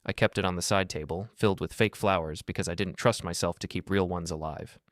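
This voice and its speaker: A middle-aged man narrating a first-person story in a steady, grave, measured way. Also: low-pitched, no echo, studio quality.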